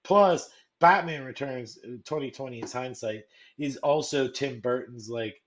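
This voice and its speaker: A man's voice: mid-range voice, a little slow, slight background noise. A young man co-hosting a casual movie chat, rambling and filling his talk with "like". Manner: rambling, full of "like", acts out quotes. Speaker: co-host.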